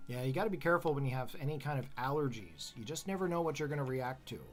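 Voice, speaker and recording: A man's voice: mid-range voice, animated, fast, soft background music. A Canadian man streaming a game live, chatting casually and chuckling often in a self-deprecating way. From Canada, northern New Brunswick. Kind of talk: casual live-stream chat while gaming.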